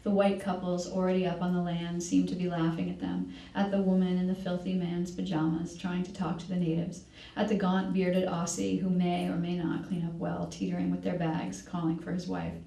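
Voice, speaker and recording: A woman reading her novel aloud at a public library event. She reads at a measured pace and now and then corrects herself. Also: on the low side, level tone, vocal fry, mellow. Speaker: author reading. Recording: echoey room, distant mic.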